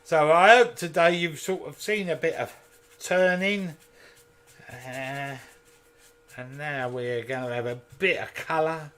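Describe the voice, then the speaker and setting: Male workshop host, casual live demo, chatty and jokey, bright tense tone with a faint hum of the room behind. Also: a little high, slow. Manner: chatty, jokey asides to viewers. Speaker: woodturner and channel host. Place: home workshop.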